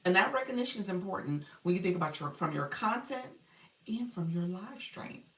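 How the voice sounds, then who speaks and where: A woman's voice: lowish voice, animated, brisk, fairly bright tone. A woman coaching on a live stream, chatting casually, greeting viewers and laughing often. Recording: echoey room, voice distant from mic.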